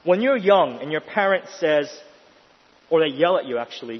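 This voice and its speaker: A man preaching a sermon with emphatic delivery, pushing his voice up into urgent questions and then dropping to a hush. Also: fairly high pitch, very animated, normal speed, husky. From New York City. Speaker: pastor. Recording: dull, lo-fi sound in a long-reverb hall.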